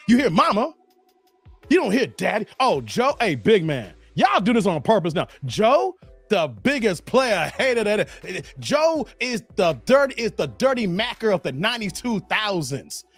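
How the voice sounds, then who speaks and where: A man hosting casual reaction commentary, animated and loose, often breaking into snatches of song. His voice sits high and swings widely in pitch. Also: normal speed, soft background music. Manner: animated, breaks into singing song hooks and laughs. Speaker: reaction video host.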